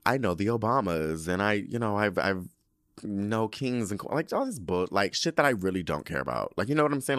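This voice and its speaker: A man's voice: on the low side, sing-song, fast, a bit bright, no echo, studio quality. A young man hosting a podcast, telling a story in a sassy, dramatic, slangy way with lots of swearing. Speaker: podcast host. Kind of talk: casual storytelling monologue.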